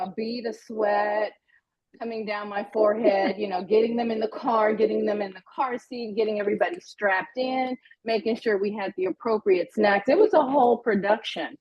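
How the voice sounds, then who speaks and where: A middle-aged woman telling a personal story in a casual, animated, self-deprecating way. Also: medium pitch. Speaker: guest storyteller. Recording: dull lo-fi sound.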